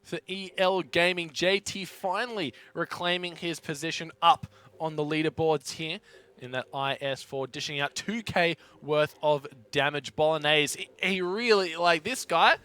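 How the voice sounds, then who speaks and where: A man casting a live esports tank match with energetic, playful play-by-play. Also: fairly high pitch, moderate pace, clear, resonant tone. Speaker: esports caster.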